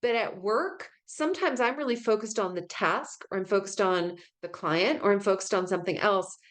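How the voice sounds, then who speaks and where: A woman's voice: medium pitch, moderate pace. A woman teaches a workplace communication webinar over a video call. She keeps it conversational and greets attendees by name as she goes. Now and then she acts out a brief example to show how tone changes a message. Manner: demonstrates tones of voice in short acted examples. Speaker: webinar presenter.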